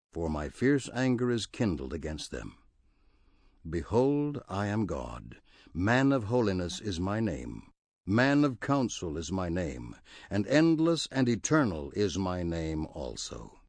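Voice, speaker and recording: A man's voice: fairly low pitch, no room sound, full character voice. A man reading the words of a stern, almighty God, wrathful and grieving, in a solemn scriptural cadence.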